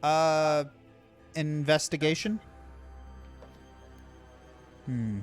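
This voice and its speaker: A man's voice: on the high side, drawn-out words, smooth, soft background music. A man running a tabletop game as game master, laid-back and hesitant, with many fillers. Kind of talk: narrating a tabletop game over voice chat.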